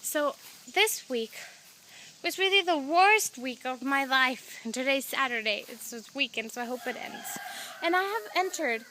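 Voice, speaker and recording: A woman's voice: sits high, expressive, a little slow, pushed and bright, a little hiss or hum. A teenage girl venting to camera in a chatty storytime, swearing often and replaying events as back-and-forth dialogue. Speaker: vlogger. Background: roosters crowing faintly outside.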